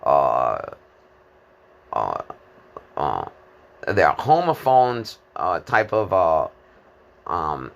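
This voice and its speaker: Rambling, bright-voiced man in his fifties. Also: fairly low pitch. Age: 50s. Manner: disjointed, hesitant, many fillers and repeated words. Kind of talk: rambling monologue.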